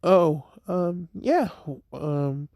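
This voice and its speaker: A man's voice: a little high, animated, drawn-out words, darkish tone, dry recording, clean studio sound, voice pushed up, heavily acted. A man voicing an awkward, apologetic teenage girl who hesitates with ums.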